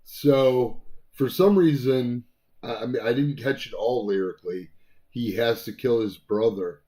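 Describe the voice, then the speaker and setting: A man's voice: medium pitch, a little slow, warm tone. A man co-hosting a casual album review chat, talking in a rambling way with many fillers and restarts.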